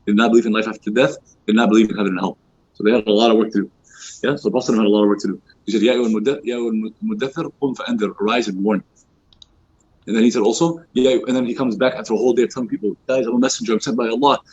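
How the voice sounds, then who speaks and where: A husky, slightly low-voiced man rattles off a casual religious lesson for young people at a very fast clip, full of "you know" and "like." The recording is dull and lo-fi. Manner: fast, informal, many fillers like "you know" and "like"; acts out quoted speech in lively voices. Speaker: youth halaqah teacher. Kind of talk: casual religious talk to youth. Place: mosque hall.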